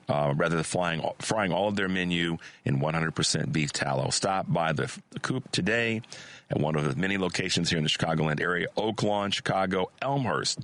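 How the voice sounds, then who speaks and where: A male radio talk host with a very low voice and a scratchy throat, heard on a dry, close studio microphone. He chats and reads sponsor spots energetically, full of restarts. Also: no room sound. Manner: energetic, many restarts and fillers.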